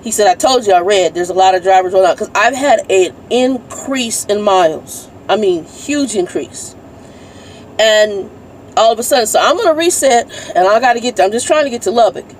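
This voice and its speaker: A woman's voice: mid-range voice, expressive, normal speed, a little hiss or hum. A woman truck driver, ranting bluntly and reading out her messages in a casual vlog from her truck cab. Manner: irritated, blunt, swears, reads messages aloud. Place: inside a parked truck cab.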